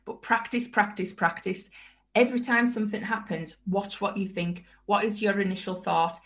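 A woman hosts a motivational self-help talk. She speaks emphatically and keeps circling back to her key phrases. She slips into the doubting inner voices of her listeners to make a point. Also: mid-range voice. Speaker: podcast host.

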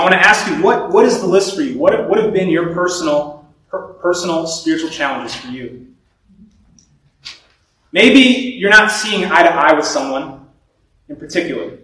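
A man's voice: on the high side, pushed and bright, far from the mic, slight background noise. Man preaching in a very echoey room. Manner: conversational storytelling with repeated restarts. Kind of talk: sermon.

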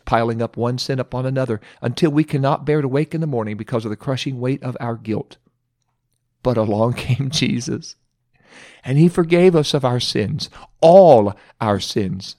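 A man delivering an earnest devotional sermon, leaning hard on key words and slowing to let them land. His voice sits in an ordinary middle register. The sound is dry and close, with no room around it. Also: medium pitch, a little mellow, dry recording. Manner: earnest, emphatic, slows down for stress. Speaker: preacher. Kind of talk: devotional sermon with study questions.

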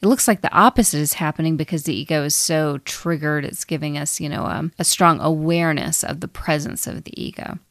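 A woman's voice: low-pitched, fairly even intonation, brisk, hardly any pauses, no echo, studio quality. A woman co-hosting a spiritual podcast, talking casually about the ego, often laughing and stretching out her words for emphasis. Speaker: podcast co-host, psychic medium.

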